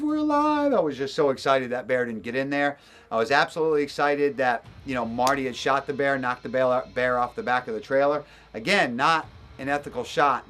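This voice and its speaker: A man's voice: medium pitch, fairly bright tone, a little hiss or hum. A man working as a hunting guide, telling a story in an emphatic way and repeating words for stress. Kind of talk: storytelling narration.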